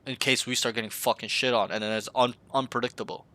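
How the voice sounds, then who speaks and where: A man's voice: medium pitch, steady tone, fast talker, sharp tone, no room sound. A man coaching a student through a match review, blunt and profane, often acting out team callouts. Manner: blunt, swears freely, acts out callouts. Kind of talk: casual coaching session.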